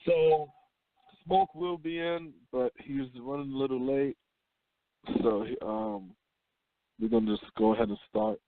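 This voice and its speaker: A man hosting a call-in talk radio show, speaking in an unhurried, reflective way and reading a news story aloud. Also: medium pitch, steady tone, no echo. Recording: phone-line call-in audio.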